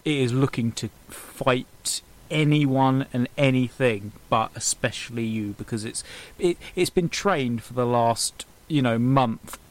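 A man's voice: medium pitch, measured pace, low-quality recording. A man narrating an improvised comedy story for a friend, often laughing at his own silliness. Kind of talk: improvised comedy podcast chat.

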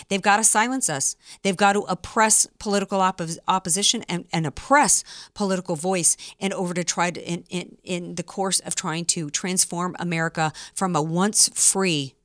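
A woman's voice: on the low side, a bit bright, no echo, clean studio sound. A woman hosting a political talk radio show, speaking with indignant emphasis, full of fillers and restarts. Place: studio, also streamed live online.

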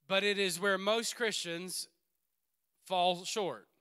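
A man preaching a sermon in a church, swinging between loud exhortation and quiet asides and laughing often. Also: sits high, steady tone, slow, clean tone. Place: church sanctuary.

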